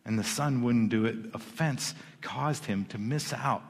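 A man preaches in a middle-pitched voice. He tells the story in a loose, chatty way, with asides and repeated starts. His words carry through a large hall with a long reverb. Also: unhurried, gravelly. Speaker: pastor. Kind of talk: sermon.

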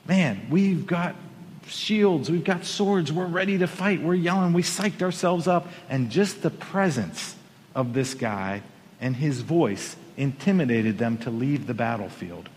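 A pastor preaching a Sunday sermon from a riser in church, telling a story in an animated way and pushing his voice up for emphasis. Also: fairly high pitch, unhurried, slight background noise. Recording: long hall reverb.

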